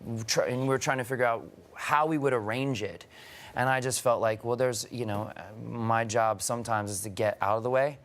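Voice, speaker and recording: A man as an interview guest, talking casually about writing songs in a halting way with many restarts. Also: mid-range voice, fairly even intonation, fairly bright tone.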